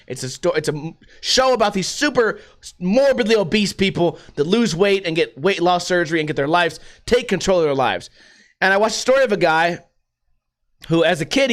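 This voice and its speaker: A man's voice: high voice, a bit bright. A man hosting a solo podcast, ranting casually and profanely and throwing in put-on voices. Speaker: podcast host.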